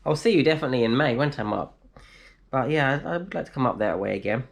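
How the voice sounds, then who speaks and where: A man's voice: medium pitch, animated, fast talker, vocal fry. Chatty man answering live chat. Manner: chatty, reads out comments and replies, laughs easily. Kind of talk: casual live stream chat. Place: indoors in a flat.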